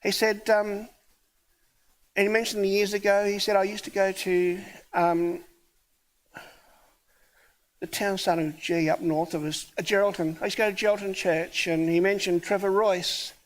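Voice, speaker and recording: A man's voice: high-pitched, level tone, normal speed, long pauses. A man who is a pastor, preaching a sermon in a conversational storytelling way and acting out the dialogue of his story. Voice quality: hard of hearing.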